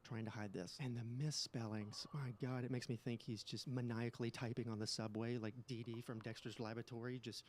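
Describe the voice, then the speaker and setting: A man's voice: mid-range voice, flat delivery, fairly quick, few pauses, slight background noise. A man giving sarcastic commentary on messages, reading them aloud in mocking voices. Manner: sarcastic, reads texts aloud with mock voices. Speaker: YouTube commentator.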